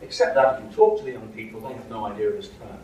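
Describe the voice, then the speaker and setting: A man's voice: on the low side, wildly swooping pitch, fast, a little mellow, a little hiss or hum. A middle-aged man giving a university linguistics lecture, hesitant, with many ums and restarts. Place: lecture hall. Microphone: room mic from a distance. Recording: echoey hall from far off.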